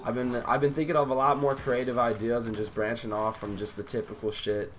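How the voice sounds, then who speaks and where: A young man, a gaming YouTuber, giving slangy, hyped live commentary over his own match, with loud outbursts at the action. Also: mid-range voice, level tone, brisk.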